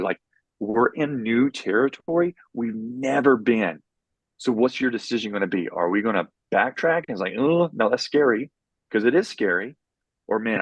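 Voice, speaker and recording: A middle-aged man, a college track coach, talking in a casual podcast interview with an intense, motivational drive and many quick restarts. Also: fairly low pitch, husky, no echo.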